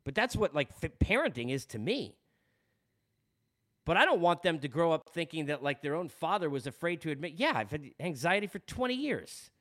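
Man, Long Island New York accent, podcast host, candid monologue, slightly high pitch, very animated intonation. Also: a little fast. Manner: earnest and candid, often repeats words as he talks.

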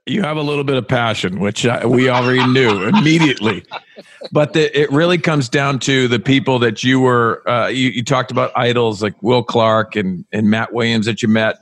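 A man who is a former teammate interviewing a guest, asking a question in a halting way with many fillers. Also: mid-range voice, fairly bright tone, no echo.

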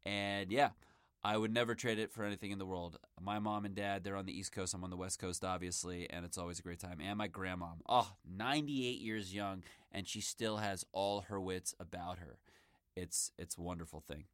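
A man's voice: low-pitched, steady tone, moderate pace, a bit bright, clear, resonant tone, no echo, clean studio sound. A man in his thirties hosting a solo sports podcast, talking in an enthusiastic, chatty way. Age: 30s.

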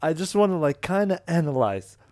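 A man's voice: a little high, big pitch swings, brisk, mellow, no echo, studio quality. A man co-hosting a casual podcast, eagerly cutting in to question and react. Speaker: podcast co-host. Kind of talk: casual chat.

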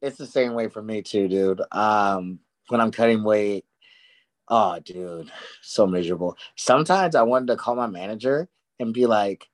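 A man's voice: on the low side, moderate pace, poor audio. A young man who fights, chatting casually and laid-back, saying "bro" and "dude" a lot. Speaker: fighter, podcast co-host. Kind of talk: casual chat.

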